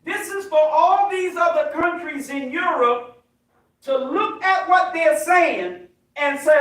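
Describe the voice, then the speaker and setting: An American man, a minister, preaching a sermon with call and response, emphatic and rising to shouts. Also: very high-pitched, slow pace. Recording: very echoey hall, distant mic.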